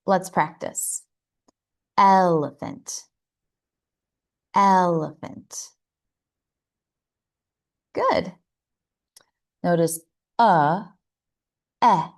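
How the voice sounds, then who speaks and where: An American woman teaching English pronunciation, explaining mouth positions and demonstrating vowel sounds slowly and carefully. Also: on the low side, a little mellow. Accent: General American. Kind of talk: scripted instructional lesson.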